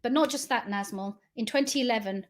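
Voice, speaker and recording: Impassioned high-voiced woman. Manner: accusatory, emotional, rapid rhetorical questions. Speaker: founder giving a public address. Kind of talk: impassioned direct-address monologue.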